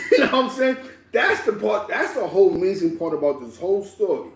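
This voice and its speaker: A man telling a street story in slangy, animated casual talk, laughing and acting out the people in it. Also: high voice, fairly quick, creaky. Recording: roomy echo, distant mic, faint ambience.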